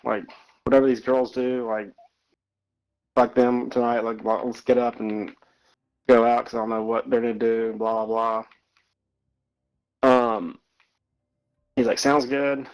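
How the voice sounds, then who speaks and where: A man with a twang tells a long, rambling story to a friend, cursing constantly and padding every sentence with "like." His voice sits at a middle pitch, and he talks with loose, offhand looseness. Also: little pitch movement, a little slow, long pauses, clear, resonant tone, rough recording. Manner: rambling storytelling, heavy swearing, lots of "like". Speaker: gamer chatting with a friend. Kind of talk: casual chat over a game.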